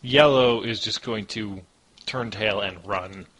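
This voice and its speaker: Bright-voiced man running a tabletop game. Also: on the low side, takes it slowly. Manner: casual, hesitant, lots of ums and likes. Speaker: game master. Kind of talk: narrating a tabletop game podcast.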